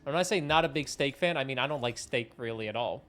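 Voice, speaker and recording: A man's voice: mid-range voice, fast, fairly bright tone, soft background music. A young man streaming a game live, chatting in a rambling, self-mocking way and swearing casually. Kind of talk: casual live-stream chat while gaming.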